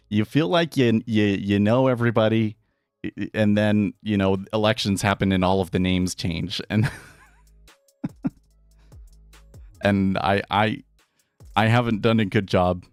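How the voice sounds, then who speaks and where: A man's voice: lowish voice, unhurried, pauses often, smooth, dry recording, studio quality, faint music behind. A man casually chatting and rambling through a live day-trading stream, laughing often.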